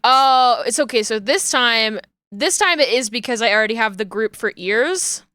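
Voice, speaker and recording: A woman's voice: a little high, lively intonation, moderate pace, sharp tone, no echo, clean studio sound. A woman streaming live, chatting casually and playfully with her viewers and giggling while she works. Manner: playful and giggly, talks to chat while working.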